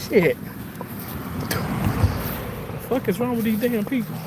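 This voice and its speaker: A vlogger walking outdoors on a sidewalk, talking to viewers in rambling, profane, excitable commentary. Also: medium pitch, moderate pace. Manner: profane, excitable, bursts into sung snippets and laughter. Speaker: vlogger streaming on a walk. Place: outdoors on a street sidewalk with trees and cars. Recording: noisy outdoor street recording.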